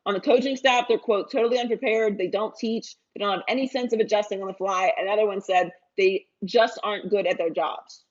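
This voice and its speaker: A woman co-hosting a sports podcast, talking in a lively, opinionated way. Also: mid-range voice, fairly quick, hardly any pauses, muffled recording. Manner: animated, opinionated. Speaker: podcast co-host. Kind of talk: casual sports talk.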